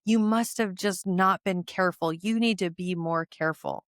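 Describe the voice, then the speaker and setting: A woman's voice: lowish voice, moderate pace, no echo, clean studio sound, natural voice. A woman putting on the voice of a scolding, impatient parent who fires off blaming questions.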